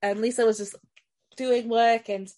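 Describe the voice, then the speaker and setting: A woman's voice: on the high side, fairly even intonation, a little slow, mellow. A woman who streams, chatting playfully as a podcast guest and laughing often. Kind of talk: casual chat.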